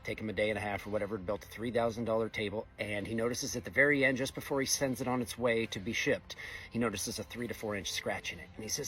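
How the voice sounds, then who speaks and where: A man's voice: lowish voice, steady tone, fast talker, fairly bright tone. A middle-aged man, a welder, giving a blunt, exasperated opinion monologue in casual speech. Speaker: fabricator welder.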